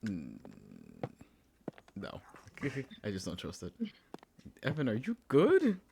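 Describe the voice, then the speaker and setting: A man's voice: mid-range voice, wildly swooping pitch, takes it slowly, darkish tone. A young man casually chatting and joking while playing a game, swearing now and then. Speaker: let's play co-host. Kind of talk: casual gaming chat. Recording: faint noise and clicks.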